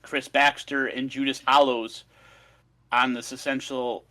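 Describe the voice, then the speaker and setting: A man's voice: mid-range voice, little pitch movement, unhurried, bright, forceful tone. A man on a casual podcast, recapping notes in an upbeat, slightly scattered way. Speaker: podcast co-host reading out history notes.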